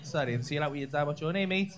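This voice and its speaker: A man's voice: fairly high pitch, very fast. A man doing brash, sweary crowd work as a stand-up comedian on a comedy club stage. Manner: brash, sweary, teasing banter with the audience. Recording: live club show with loud crowd laughter. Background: laughing audience.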